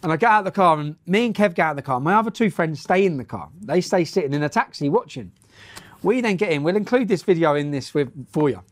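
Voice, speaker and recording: Blunt, laughing man, higher-pitched voice, casual storytelling. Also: animated, quick pace. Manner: blunt, laughs often, swears freely. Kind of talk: casual storytelling and reading news aloud.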